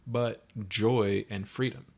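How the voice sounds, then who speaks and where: A man co-hosting a podcast, casually recapping a movie and acting out characters' lines in quick quoted voices. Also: on the low side, fairly even intonation, creaky. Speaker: podcast co-host.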